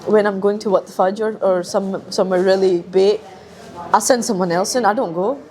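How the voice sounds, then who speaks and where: A woman's voice: medium pitch, steady tone, warm tone. A woman with a Scottish accent hosting a podcast, chatting casually and joking about herself. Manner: quick, joking, self-mocking banter. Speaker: podcast host. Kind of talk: casual chat.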